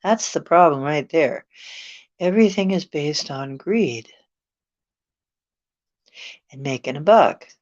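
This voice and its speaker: Slow, sarcastic woman host. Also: low voice, expressive, a little mellow, dull audio. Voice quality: sarcastic, rambling. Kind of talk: casual talk show chat.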